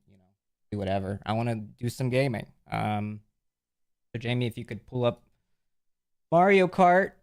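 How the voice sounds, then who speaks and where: A man's voice: medium pitch, clear, resonant tone. A man livestreaming casually, rambling and joking while he reads chat aloud and thanks subscribers.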